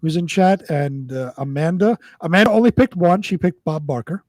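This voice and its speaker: Higher-pitched man, hesitant co-host. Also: moderate pace, darkish tone, dry recording. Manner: hesitant, many fillers and restarts, reads out lists. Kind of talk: casual live-stream chat.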